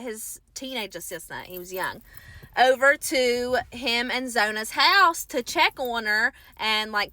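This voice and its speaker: A woman telling a ghost story casually, animated and profane, checking in with her listeners as she goes. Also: fairly high pitch, dry recording.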